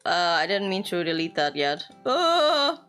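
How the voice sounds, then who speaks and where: A woman's voice: lowish voice, fairly quick, a bit bright, smooth, faint music behind. A young woman streamer chatting playfully and casually while teaching Japanese words, swearing now and then. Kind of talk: casual live-stream chat.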